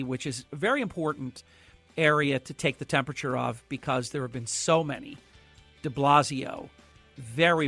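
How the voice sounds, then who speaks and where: A man's voice: fairly high pitch, a bit bright, no echo, clean studio sound. A man filling in as a radio talk show host, giving emphatic, opinionated commentary and speaking straight to callers.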